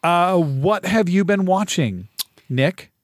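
A man's voice: sits high, lively intonation, slow, no echo. A man hosting a casual podcast, upbeat and chatty, with restarts and fillers. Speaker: podcast host.

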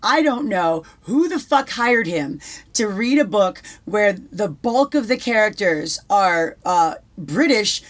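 A young woman co-hosts a laid-back talk show, swearing freely and often starting her sentences over. Her medium-pitched voice is animated yet slow-paced, suited to casual podcast chat.

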